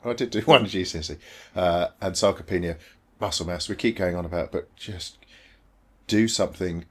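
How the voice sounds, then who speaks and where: Deep-voiced jokey man. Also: fairly quick, a bit bright, breathy edge. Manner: jokey, offhand. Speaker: podcast co-host. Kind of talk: casual chat.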